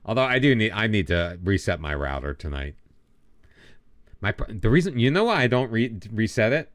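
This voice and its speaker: A man's voice: on the low side, sing-song, normal speed, dry recording. A middle-aged man chatting casually on a live game stream, rambling and self-deprecating, with many restarts. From United States.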